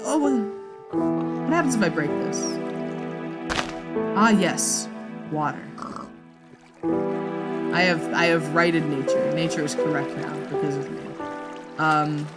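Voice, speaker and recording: Over loud music, a young woman gaming vlogger speaks slowly in a deep voice, pausing often. She wanders through a let's-play story, stammering, swearing and starting her thoughts over.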